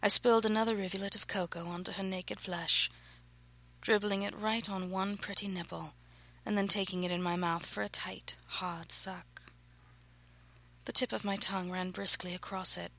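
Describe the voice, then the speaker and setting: A woman reading her own erotic novel aloud, narrating softly and breathily, often close to a whisper. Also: mid-range voice, fairly even intonation, normal speed, rough recording.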